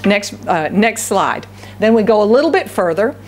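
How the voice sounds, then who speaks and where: A woman's voice: medium pitch, lively intonation, normal speed, a little mellow. A woman pastor giving a conversational sermon, often asking the congregation questions. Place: church service.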